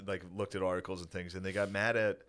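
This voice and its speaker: A man's voice: deep voice, flat delivery, fast, fairly bright tone. A man co-hosting a comedy podcast in casual banter, joking and swearing freely. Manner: joking, slips into mock voices, swears freely. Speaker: podcast co-host.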